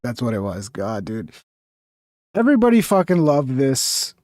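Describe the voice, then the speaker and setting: A man with a medium-pitched, sing-song voice speaks at a moderate pace against a noisy background. In casual video reaction commentary, he's blunt and profane, mocking others' views with whiny voices.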